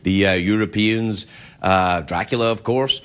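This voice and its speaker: Playful Scottish talk show host. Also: male voice, fairly low pitch, steady tone, smooth. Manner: playful, joking, quick to laugh. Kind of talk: late-night comedy monologue and sketch banter. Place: TV studio stage. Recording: noisy studio with loud audience laughter.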